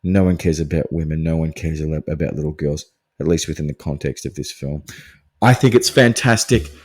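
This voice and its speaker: A man's voice: very deep voice, fairly quick, breathy edge. A male podcast host talking through a film on his own. He thinks aloud as he goes and often checks in with "right?". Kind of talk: solo film discussion podcast.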